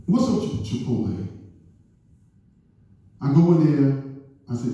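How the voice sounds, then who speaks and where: A male stand-up comedian telling deadpan stories and acting out dialogue on a comedy club stage. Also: medium pitch, slow pace. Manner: deadpan storytelling, acts out dialogue. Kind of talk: stand-up set. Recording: echoey club, far from the mic, dull.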